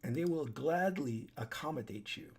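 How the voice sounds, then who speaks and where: Husky man giving an urgent, animated warning. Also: mid-range voice, normal speed. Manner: urgent, preachy, repeats his points with frequent restarts. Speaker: online commentator. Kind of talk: solo warning monologue to camera. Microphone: webcam setup at a desk.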